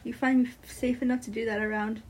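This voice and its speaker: A woman voicing a gentle teenage boy. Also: a little high, little pitch movement, fast, breathy edge. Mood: soothing. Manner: soft, reassuring, a little teasing. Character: kind gentle teenage boy comforting a friend.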